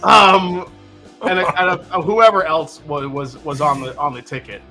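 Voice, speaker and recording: A man's voice: on the high side, expressive, unhurried, over music. A middle-aged man hosting a casual live stream, joking and swearing freely as he chats with a guest and reads the chat. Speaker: livestream host.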